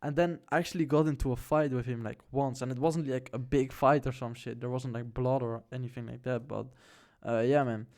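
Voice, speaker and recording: A man's voice: medium pitch, fairly even intonation, brisk, few pauses, darkish tone. A young man casually telling a personal story to the camera, loose and slangy, with many fillers. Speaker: vlogger.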